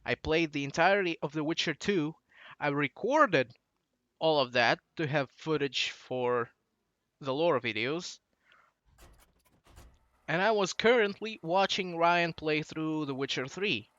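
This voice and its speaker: Young man, late teens, Russian accent, slow unhurried delivery, bright voice, digressive casual monologue. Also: a little high, no room sound, muffled recording. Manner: digressive, loses his train of thought. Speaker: channel host.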